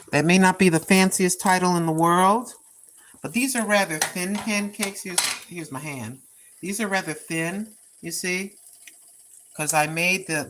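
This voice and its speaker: A woman's voice: lowish voice, a bit bright, a little hiss or hum. Chatty older woman cooking at home. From Oregon, US. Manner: rambling storyteller, repeats herself, folksy. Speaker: cooking live-streamer. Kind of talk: casual chatty cooking live stream. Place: home kitchen, cooking at a griddle.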